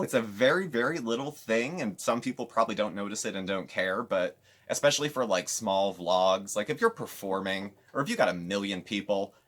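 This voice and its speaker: Male commentary host, lowish voice with a wide swinging range, sarcastic, chatty recap delivery. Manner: animated, sarcastic asides. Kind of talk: casual commentary recapping another creator's videos.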